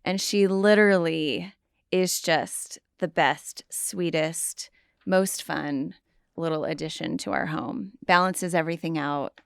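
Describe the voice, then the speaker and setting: A woman's voice: low-pitched, slow, vocal fry, clean tone, no echo, clean studio sound. A middle-aged woman, a podcast guest, telling family stories in casual conversation and acting out quoted dialogue. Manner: animated storytelling, acts out quoted dialogue. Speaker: podcast guest, pastor's wife.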